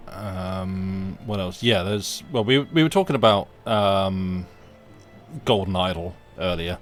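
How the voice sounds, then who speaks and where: A man's voice: low voice, slow, faint music behind. A man co-hosting a live game stream, rambling casually with lots of hesitant ums.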